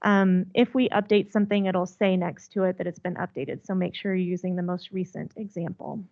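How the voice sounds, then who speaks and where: A woman's voice: on the low side, fairly even intonation, fairly quick, a little mellow, dull audio. A woman giving a conference presentation into a handheld mic, friendly and chatty, out of breath. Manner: friendly, chatty, laughs often. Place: conference room.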